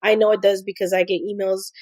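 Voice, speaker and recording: A woman's voice: medium pitch, little pitch movement, fast talker, a little mellow, dry recording, low-quality recording. A woman guest on a podcast speaking in casual chat, heartfelt, with many "like" and "you know" fillers.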